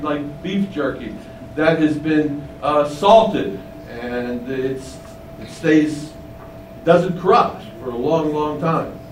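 A man preaching a sermon, teaching slowly and emphatically, stressing key words with rising pitch. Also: reverberant, distant mic, a little hiss or hum, rough recording.

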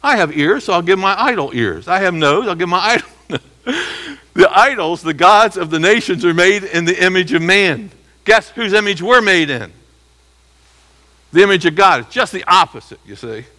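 Emphatic bright-voiced male preacher. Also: high-pitched, animated, moderate pace. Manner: emphatic, rhetorical questions, reads scripture aloud. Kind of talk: expository sermon.

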